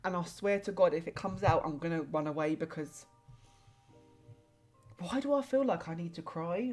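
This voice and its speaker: A woman's voice: fairly low pitch, normal speed, pauses often, darkish tone, soft background music. A young woman live-streaming a tarot reading in casual chat, rambling and hesitant with many filler words.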